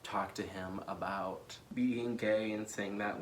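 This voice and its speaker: The voice belongs to a young adult man from the United States who is both a vlogger and a political candidate. Fairly low and steady, he talks slowly with few pauses, laughing and fighting tears amid lots of fillers in a casual vlog, and a slight hiss or hum can be heard.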